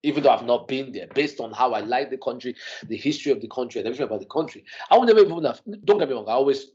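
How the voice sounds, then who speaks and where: A man telling a story in casual chat, animated and full of restarts, his voice jumping up when he is shocked. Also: mid-range voice, very fast, muffled recording. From Nigeria and the UK. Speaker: podcast guest.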